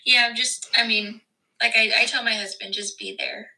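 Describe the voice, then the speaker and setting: A young woman guest in a casual chat, talking in an emotional, halting way with many fillers. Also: fairly high pitch, steady tone, gravelly, bright, forceful tone, rough recording. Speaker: podcast guest.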